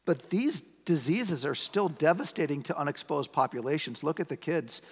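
High-voiced pastor in a reverberant hall. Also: male voice, expressive, moderate pace, husky. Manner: conversational, asks the congregation rhetorical questions. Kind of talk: sermon.

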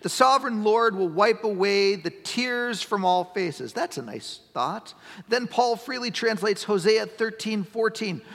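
In a church sanctuary with long reverb, a middle-aged male pastor preaches in a high, gravelly voice. He speaks a little slowly with lively intonation, shifting from easy, conversational talk to emphatic, near-shouted lines.

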